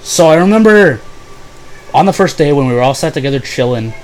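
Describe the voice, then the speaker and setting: A man's voice: on the high side, animated, fairly quick. A young man telling a rambling, profane storytime full of "like" and fillers. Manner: bursts into loud exaggerated impressions. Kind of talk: casual storytime.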